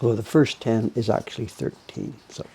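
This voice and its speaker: Gravelly older man chatting while working. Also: lowish voice, sing-song, moderate pace, warm tone, a little hiss or hum. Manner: rambling, self-correcting, chatty. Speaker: printmaker streaming live. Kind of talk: casual live-stream chat while working.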